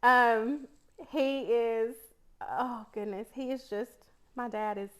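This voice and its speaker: Middle-aged woman, East Tennessee accent, slightly high voice, relaxed cooking-vlog chatter with frequent laughs. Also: takes it slowly. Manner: chatty storyteller, laughs often. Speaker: cooking vlogger. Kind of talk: casual chat while cooking.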